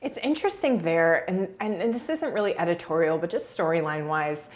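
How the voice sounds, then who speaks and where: Chatty woman, lowish voice. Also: lively intonation, brisk. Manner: chatty, hedging, frequent restarts and soft laughs. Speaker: reality TV commentator. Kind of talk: casual video commentary.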